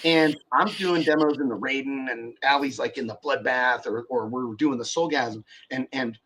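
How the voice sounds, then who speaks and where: A man's voice: medium pitch, normal speed, fairly bright tone, slightly rough. A young man in casual podcast chat about car audio, rambling and profane with many fillers and restarts.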